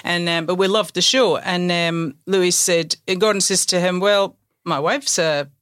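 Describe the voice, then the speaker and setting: A woman vocal coach telling anecdotes in a relaxed interview, chatty and quick to laugh. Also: lowish voice, no room sound, clean studio sound. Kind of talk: conversational interview.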